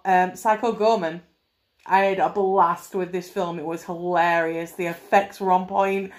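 A woman co-hosting a casual film review podcast, enthusiastic and sweary. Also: medium pitch. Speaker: podcast co-host.

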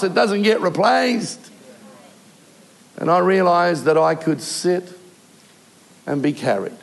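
Older man, pastor, heartfelt sermon delivery with pauses; gravelly voice. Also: high-pitched. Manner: earnest, emotional preaching with short pauses.

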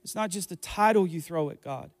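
A man's voice: sits high, brisk. A man preaching a sermon as pastor, repeating phrases and restarting lines as he builds to fervent emphasis. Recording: long hall reverb.

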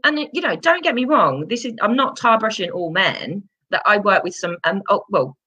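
A woman's voice: medium pitch, expressive, normal speed, bright, forceful tone, slightly rough, muffled recording. A woman who works as an electrician, talking earnestly as a guest in a casual conversation, often restarting with you-knows.

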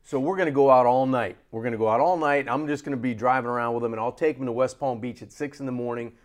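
A man co-hosting a sports talk show, telling a story in a lively way and acting out the voices of the people in it. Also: mid-range voice, fast talker. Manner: animated, acts out quoted voices. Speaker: co-host. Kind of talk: casual storytelling.

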